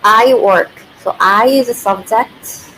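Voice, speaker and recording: Slow-talking Korean woman teaching grammar. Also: fairly high pitch, pushed and bright, low-quality recording. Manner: chatty, laughs often, reads viewer comments. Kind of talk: casual livestream lesson. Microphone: built-in computer mic. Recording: faint background noise, built-in mic.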